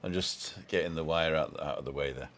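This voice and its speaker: Deep-voiced chatty man on a live stream. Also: fairly quick, a bit bright. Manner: rambling, greets viewers by name, chuckles often. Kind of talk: casual live-stream chat. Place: home.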